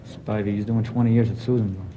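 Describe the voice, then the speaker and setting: A man's voice: fairly low pitch, fairly even intonation, fast talker, background noise, close to an everyday voice. An actor playing a wisecracking male career criminal who talks in a dry, needling way. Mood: businesslike. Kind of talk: film drama acting.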